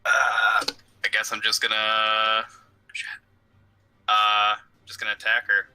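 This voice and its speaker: Young guy player, really deep voice but bright edge, lots of ums while he counts dice. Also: completely flat delivery, slow pace, clear, resonant tone, poor audio. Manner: hesitant, full of ums while adding up rolls. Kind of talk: casual game talk.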